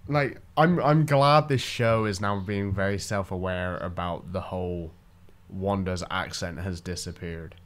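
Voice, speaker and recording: Male podcast co-host, low voice, relaxed delivery that fades at phrase ends. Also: measured pace, hardly any pauses. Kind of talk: casual chat.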